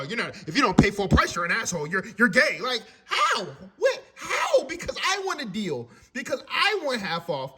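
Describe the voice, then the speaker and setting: A man on a casual ranting monologue, animated and profane, stammering through restarts. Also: very high-pitched. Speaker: commentator.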